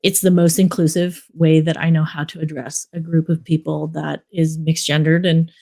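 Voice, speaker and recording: A middle-aged woman, a documentary director, telling stories in a relaxed interview, rambling with many fillers. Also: deep voice, moderate pace, creaky. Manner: rambling storyteller, many fillers like "you know". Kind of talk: casual interview talk.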